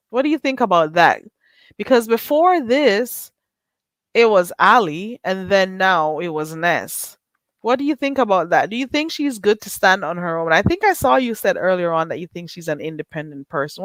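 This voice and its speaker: A woman's voice: medium pitch, no echo. A woman hosting a live stream, chatting loosely and reading viewer comments aloud.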